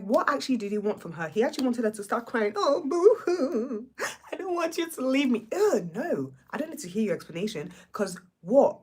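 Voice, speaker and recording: Husky woman ranting on stream. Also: medium pitch. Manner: animated, sassy, ranting. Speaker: livestream host. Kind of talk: reality show reaction rant.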